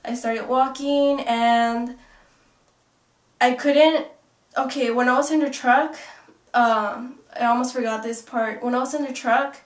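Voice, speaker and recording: A woman's voice: a little high, steady tone, measured pace, distant mic. A young woman vlogger telling a story in a rambling way, full of fillers and swearing. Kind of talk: casual storytelling. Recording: echoey room, off-mic.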